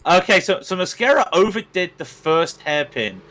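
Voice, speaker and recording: Excitable male co-commentator for a sim race, a bit high-pitched, stumbles over words. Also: moderate pace. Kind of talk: live sim-racing commentary.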